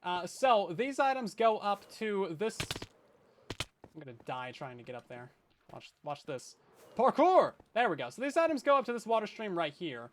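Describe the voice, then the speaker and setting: A man's voice: high-pitched, big pitch swings, moderate pace, fairly bright tone, a little hiss or hum. A young man from Canada streaming a survival game, chatting with viewers in a jokey, self-deprecating way from his bedroom. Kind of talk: casual gameplay commentary. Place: hot bedroom.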